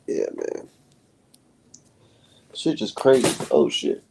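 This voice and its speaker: A man hosting a live stream, ranting heatedly with lots of profanity and sudden jumps in pitch. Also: huge pitch swings, drawn-out words, vocal fry, noisy background.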